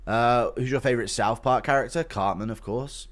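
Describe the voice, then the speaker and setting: A man's voice: medium pitch, moderate pace, few pauses. A man streaming and chatting casually with viewers, joking crudely and swearing freely.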